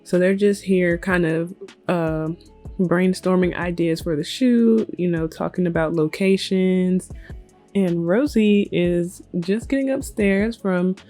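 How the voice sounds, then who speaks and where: A woman's voice: lowish voice, takes it slowly, mellow. A woman hosting a let's play, casually narrating her game in a chatty, storytelling way. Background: faint music.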